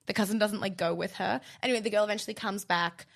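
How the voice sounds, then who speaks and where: A woman's voice: medium pitch, fairly even intonation, fast, creaky. A young woman co-hosting a podcast, telling stories in a chatty way with lots of fillers and quoted voices. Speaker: podcast co-host. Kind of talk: casual chat.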